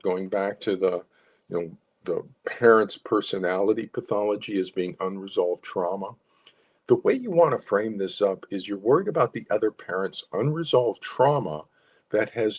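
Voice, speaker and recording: A man with a low, gravelly voice that rises and falls a lot, talking clients through advice. He has a husky edge and coaches them patiently, repeating the phrases he wants them to remember. It is an informal advice talk. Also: lively intonation, normal speed. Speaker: psychologist consultant.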